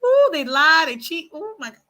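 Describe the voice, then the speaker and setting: Bright, chatty woman giving frank dating advice. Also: extremely high pitch, normal speed. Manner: chatty, frank, animated storytelling with many asides; speaks to viewers as y'all and ladies. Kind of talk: casual advice chat to camera.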